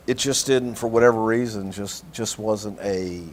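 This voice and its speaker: Southern US man, lowish voice, relaxed anecdotal podcast delivery, faint noise behind. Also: a little slow. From Texas. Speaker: podcast guest. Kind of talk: conversational podcast chat.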